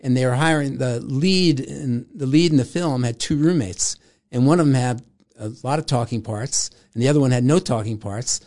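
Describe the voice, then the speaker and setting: An older man recounting a past adventure in an easygoing, rambling way. He laughs often and slips into quick impressions of the people he quotes. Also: medium pitch, a little mellow. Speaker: interview guest. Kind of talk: casual storytelling.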